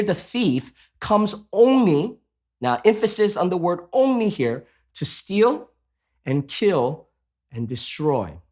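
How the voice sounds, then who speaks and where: A man preaching a sermon as pastor, emphatic and asking the congregation rhetorical questions. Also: fairly high pitch.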